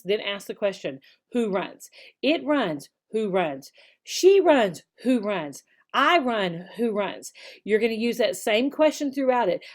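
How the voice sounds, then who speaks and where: A woman online English teacher explaining how to run a demo lesson, alternating her slow, exaggerated classroom voice with casual explanation. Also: on the high side, a little mellow. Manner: slow, exaggerated teacher talk to an imagined child.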